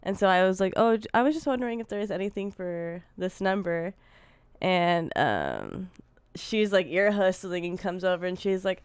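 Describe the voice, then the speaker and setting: Chatty young woman with a clear voice. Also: fairly low pitch, lively intonation, moderate pace, no echo. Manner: laughing, chatty storytelling. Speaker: podcast co-host. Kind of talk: casual chat.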